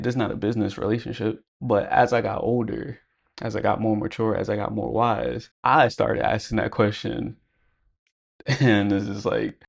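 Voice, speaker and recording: Young male vlogger, low gravelly voice, loose reflective storytelling with lots of fillers. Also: level tone, moderate pace. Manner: casual, reflective, lots of fillers like "like" and "you know". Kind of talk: personal storytelling to camera.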